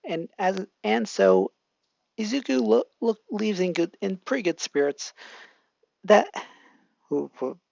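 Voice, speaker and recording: Casual fan narrator, gravelly, rambling restarts, dull dry home mic. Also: mid-range voice, unhurried, pauses often, darkish tone, no echo. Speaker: fan fiction storyteller. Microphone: home microphone.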